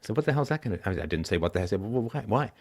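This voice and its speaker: A man's voice: lively intonation, racing. Blunt middle-aged man hosting a call-in show. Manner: blunt, profane storytelling, swinging between low weary and loud emphatic.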